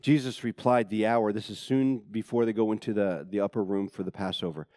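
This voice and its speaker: A man preaching a sermon to his church, dramatic and swinging from loud excitement to hushed intensity, with conversational asides to the congregation. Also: fairly low pitch, brisk, dry recording, clean studio sound. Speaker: pastor.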